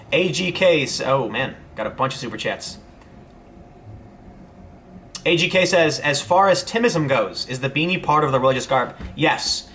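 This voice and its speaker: Bright-voiced man rambling through viewer chat. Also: fairly high pitch, a little hiss or hum. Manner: rambling, frequent restarts and fillers. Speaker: host reading viewer chat. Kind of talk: casual livestream chat.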